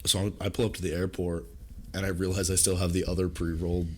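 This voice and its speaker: Young male podcast co-host with a low voice. Animated storyteller who jumps up high to act out his panic. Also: quick pace, slight background noise. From US East Coast. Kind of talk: casual storytelling chat.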